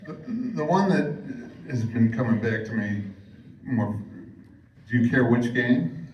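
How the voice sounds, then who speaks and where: A man's voice: mid-range voice, lively intonation, unhurried, darkish tone, highs cut off, slight background noise. Teasing man on a convention stage. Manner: teasing, playful storyteller. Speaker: voice actor on a convention panel. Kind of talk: casual panel talk. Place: large convention hall. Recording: echoey hall from far off.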